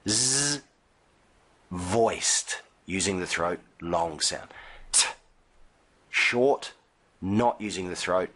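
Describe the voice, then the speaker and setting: Deep-voiced man teaching pronunciation. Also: slow pace, fairly bright tone. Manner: patient, demonstrative, stretches and punches out sounds. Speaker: IELTS teacher. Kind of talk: pronunciation lesson to camera.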